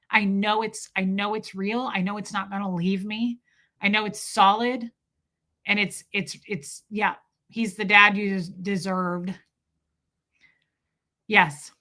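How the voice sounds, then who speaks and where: A woman's voice: mid-range voice, bright, forceful tone. A woman hosting a livestream, telling a heartfelt personal story to her chat in a confiding way with many restarts. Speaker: livestream host.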